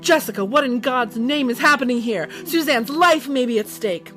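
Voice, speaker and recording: A woman's voice: high voice, lively intonation, moderate pace, fairly bright tone, soft background music, pitched above the performer's own voice. A woman doing a stern, alarmed father. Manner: stern, demanding.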